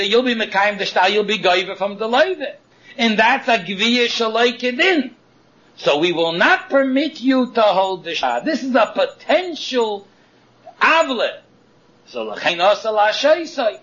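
A man teaching a Talmud lesson in a lively chanting singsong, arguing both sides of a case in the first person. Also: sits high. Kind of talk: Talmud study lecture. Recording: dull lo-fi recording.

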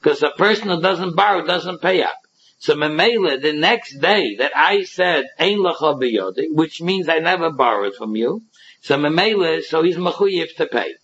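A man's voice: on the high side, animated, normal speed, a bit bright, slightly rough. A man giving a Talmud lecture, explaining each passage by acting out both sides of the dispute. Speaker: Talmud teacher. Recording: dull lo-fi recording.

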